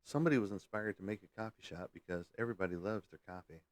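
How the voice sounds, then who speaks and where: In a low voice and at a very fast clip, a man hosts a casual livestream, rambling folksily and chuckling as he answers viewer comments. The recording is dry.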